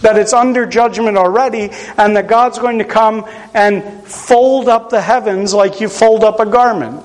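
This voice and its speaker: A man from Pennsylvania delivers a sermon in a relaxed, conversational tone. His voice sits high for a man. He drops in dry jokes at his own expense as he teaches. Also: rough recording. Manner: conversational, self-deprecating humor. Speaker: preacher.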